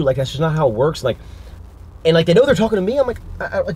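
A man's voice: on the high side, sing-song, quick pace, a little mellow, a little hiss or hum. A young man in a casual vlog, talking loosely and profanely, rambling with lots of fillers. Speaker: fitness vlogger.

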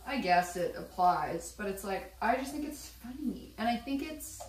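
A woman chatting while she cooks at home, rambling and excitable, swearing casually and laughing as she goes. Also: mid-range voice, moderate pace. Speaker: vlogger. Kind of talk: casual cooking vlog chat. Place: home kitchen. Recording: echoey room, voice a bit far from mic.

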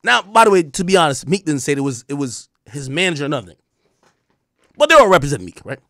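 A man in his thirties ranting on a stream, animated, profane and mocking. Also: on the high side, quick pace, no room sound, studio quality. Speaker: streamer commentator. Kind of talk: ranting commentary.

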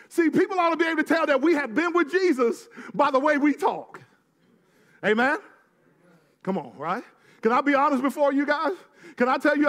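A man's voice: extremely high pitch, fairly bright tone. A man preaching a sermon as pastor, checking in with the congregation after every point and slipping in playful jokes. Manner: punctuates with call-and-response tags to the congregation; playful, joking asides.

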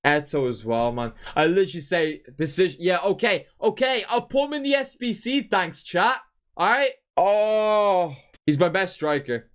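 Streamer, theatrical despair. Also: male voice, sits high, animated, moderate pace. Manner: theatrical despair, swearing, repetitive. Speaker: gaming streamer. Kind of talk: live stream commentary to chat.

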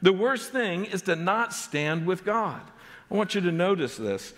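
A man preaching a sermon as pastor, emphatic, with his voice rising sharply on key points and dropping low on others. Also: lively intonation, unhurried. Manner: emphatic preaching with sharp rises and drops in pitch. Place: church sanctuary. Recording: long church hall reverb.

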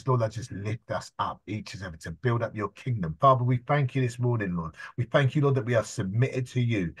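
A man's voice: fairly low pitch, slightly rough. A man leading a congregation in fervent spontaneous prayer, with a repetitive, listing cadence and frequent hallelujahs. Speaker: church leader leading prayer.

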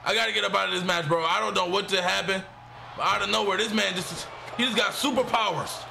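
A young man giving excited, slang-heavy commentary while playing a wrestling video game, repeating himself and shouting as he reacts. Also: high-pitched, quick pace, vocal fry, background noise. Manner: hyped, repetitive slang talk. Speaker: gaming YouTuber. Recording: game music underneath.

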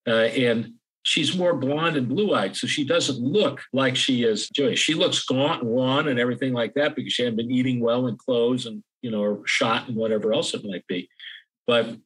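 Older guy, husky voice, chatty and wry, lots of uh pauses. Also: medium pitch, a bit bright, rough recording. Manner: chatty, self-deprecating, with filler pauses. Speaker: author guest. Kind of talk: casual interview chat.

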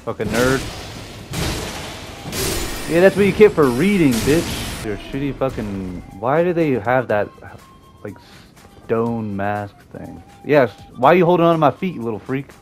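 A young man commenting casually on his gameplay, cursing and joking in quick outbursts over game music. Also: mid-range voice, very animated. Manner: profane, jokey, quick outbursts. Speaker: gaming YouTuber.

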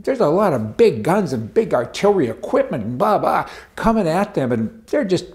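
A man's voice: on the high side, sing-song, normal speed, darkish tone. A middle-aged Canadian man delivering an indignant, rambling opinion monologue as a commentary host, stumbling and repeating himself.

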